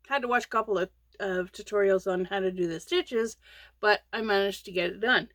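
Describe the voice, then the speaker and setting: A woman's voice: medium pitch, normal speed, a bit bright, no echo. A middle-aged woman chatting casually about crochet on her channel, rambling with lots of fillers and restarts, a bit sleepy. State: sleepy, yawning. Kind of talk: casual crochet vlog chat.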